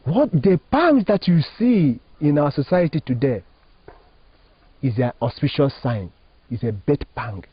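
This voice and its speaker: A Catholic priest from Nigeria, a man, explains spiritual ideas in an emphatic, preacherly way, posing rhetorical questions. His fairly high voice swoops lively up and down and carries a husky edge. The recording is dull and lo-fi, dry with no room sound. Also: unhurried, no room sound. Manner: emphatic, preacherly, rising and falling phrasing, asks rhetorical questions. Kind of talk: spiritual teaching in an interview.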